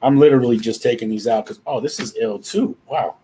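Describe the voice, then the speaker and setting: A man's voice: mid-range voice, fairly quick, crowd noise. A man co-hosting a live talk show, chatting casually and loosely, swearing and laughing. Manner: loose, profane, laughing banter. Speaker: podcast co-host. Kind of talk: casual chat.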